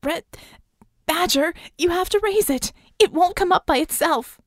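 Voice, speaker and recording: A woman voicing a hoarse young woman hacker who shouts urgent instructions. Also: mid-range voice, expressive, normal speed, no echo, studio quality, lightly acted. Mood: shouting.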